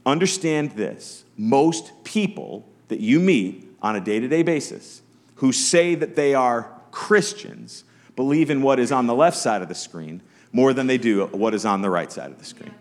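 A man's voice: medium pitch, animated, moderate pace. A pastor preaching a Sunday sermon in church, conversational, acting out the voices of Bible characters as he tells the story.

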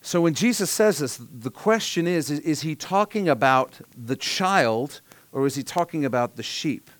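A man preaching a sermon, earnest, dropping his voice soft for emphasis. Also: a little high, expressive, normal speed, no room sound. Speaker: pastor.

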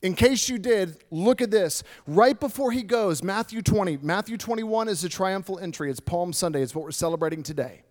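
Animated, conversational male preacher. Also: sits high, a little fast, few pauses. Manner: conversational, animated, reads and explains scripture. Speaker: pastor. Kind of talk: sermon.

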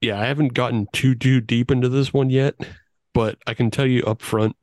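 A man co-hosting a beer podcast, his voice at an ordinary middle pitch, blunt and quick to curse and laugh. The recording is close and completely dry. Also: fairly even intonation, a little mellow, dry recording. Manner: blunt, sweary, laughs often. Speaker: podcast co-host. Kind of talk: casual chat over beers.

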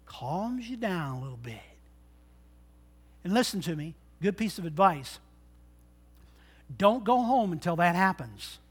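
A middle-aged male pastor preaching a sermon in a church, joking and swinging between loud bursts and quiet asides. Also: high voice, sing-song, measured pace, long pauses, breathy edge. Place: church sanctuary.

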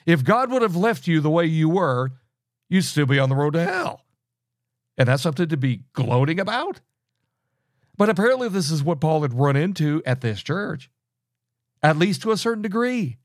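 A man's voice: on the high side, sing-song, moderate pace, long pauses, no room sound, clean studio sound. A middle-aged man teaching a sermon, earnest and scolding, often restarting his sentences. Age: middle-aged or older. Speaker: preacher.

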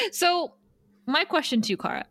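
Woman podcast host gabbing through an episode recap, mid pitch, dry close sound. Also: a bit bright, dry recording. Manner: chatty retelling, quick asides. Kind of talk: casual episode recap chat.

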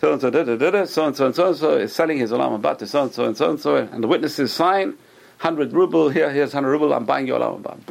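Speaking rapidly in a gravelly mid-range voice, a man leads a Torah class full of stories. He dramatizes the people he quotes, frequently doubling back to repeat or restart a phrase.

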